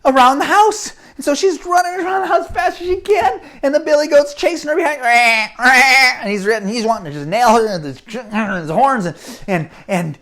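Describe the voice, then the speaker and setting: A woman's voice: high voice, moderate pace. A woman telling a children's story at home to camera, speaking to the kids directly and acting out the action. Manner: lively, addresses kids directly, acts out the action. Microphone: camera mic.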